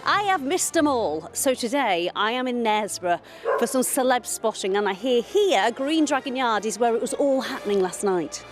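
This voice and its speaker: A woman's voice: a little high, moderate pace, music in the background. A woman presenting and reporting for regional TV news, playful and chatty.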